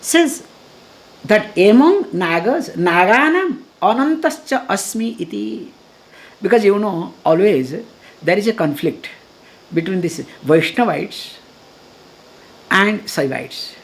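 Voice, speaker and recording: Lively Indian woman teaching scripture. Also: medium pitch. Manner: animated, chuckling, acts out dialogue; chants Sanskrit verses slowly. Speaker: spiritual teacher. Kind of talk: scripture discourse.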